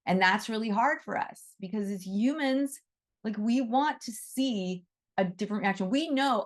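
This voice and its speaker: A middle-aged woman teaching a talk on animal reiki to her students, effusive and animated, often repeating her phrases. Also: medium pitch, moderate pace.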